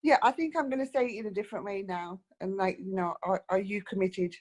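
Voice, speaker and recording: A woman's voice: mid-range voice, fast, darkish tone. A woman from England with an English accent, a team member replying in an agreeable, good-humoured way on a video call.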